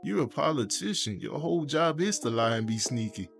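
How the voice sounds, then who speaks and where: A man's voice: on the high side, lively intonation, fairly quick, creaky. A young man reviewing a movie in a casual, crude and sarcastic manner, full of profanity. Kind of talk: casual video commentary.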